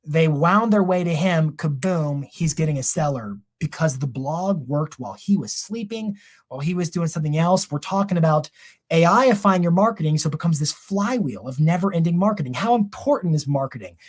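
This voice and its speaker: Energetic man giving a marketing talk. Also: a little high. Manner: energetic, quick, conversational with self-corrections. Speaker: real estate marketing speaker. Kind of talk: live training presentation.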